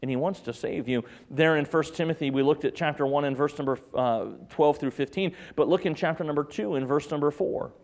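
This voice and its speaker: A man preaching a sermon as pastor, swinging between loud emphatic peaks and hushed, tender drops. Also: a little high, a little fast, few pauses. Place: church.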